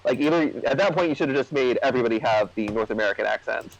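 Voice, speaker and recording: A man's voice: medium pitch, animated, very fast, gravelly, lo-fi sound. A man chatting casually over gameplay, rambling with lots of fillers and restarts. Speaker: co-host of a gaming video.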